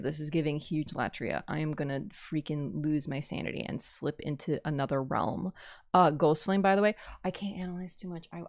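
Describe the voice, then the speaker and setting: A woman YouTuber giving excited, rambling reaction commentary, swinging between loud gushing and hushed murmurs. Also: on the low side. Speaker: YouTuber reacting to a game trailer.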